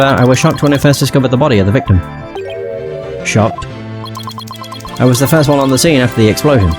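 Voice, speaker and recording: A man voicing a terse, robotic male bomb disposal expert in a game, speaking in flat, clipped words. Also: medium pitch, natural voice. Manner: clipped, flat, word-by-word delivery. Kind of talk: video game dialogue read aloud.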